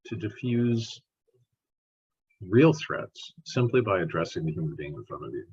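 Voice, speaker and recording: A male scientist tells stories on a podcast in a lively, repetitive way. His voice is low and very husky, rising and falling a lot. The audio sounds muffled. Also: moderate pace. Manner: animated, repeats words while telling stories. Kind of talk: storytelling in conversation.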